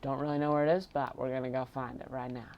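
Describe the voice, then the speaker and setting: A man casually commentating his own video game play, chatty and bursting into excited shouts. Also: mid-range voice, fast talker, muffled recording, a little hiss or hum. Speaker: gaming channel host.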